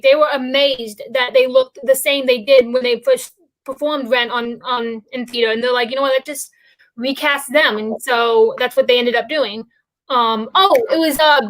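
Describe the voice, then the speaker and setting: A high-pitched woman talks loosely as a host, drifting between thoughts and circling back with plenty of fillers. Her delivery is relaxed and conversational, like an easygoing chat among friends. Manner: rambling, many fillers and restarts. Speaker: podcast host. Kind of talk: casual chat about musicals.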